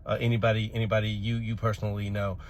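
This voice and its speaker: Flustered fast-talking man telling classroom stories. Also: fairly low pitch, level tone, a little hiss or hum. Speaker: former pre-K teacher, comedian. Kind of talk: comedic sketch storytelling.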